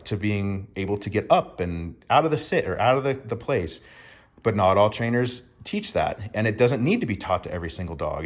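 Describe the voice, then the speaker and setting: A man explaining dog training to owners in an emphatic teaching tone, often checking in with "right?". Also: on the low side. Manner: emphatic, keeps asking "right?".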